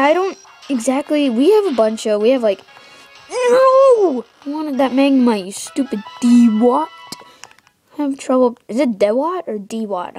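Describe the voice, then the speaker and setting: A teenage girl rambles through her gameplay commentary at home, excitable and quick to mock the characters on screen. Her voice sits a little high. Soft game music plays underneath. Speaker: let's play host.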